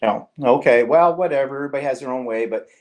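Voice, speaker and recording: A man's voice: mid-range voice, quick pace. A middle-aged Canadian man hosting a live-stream vlog, chatting and teasing in a rambling way. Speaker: vlog host.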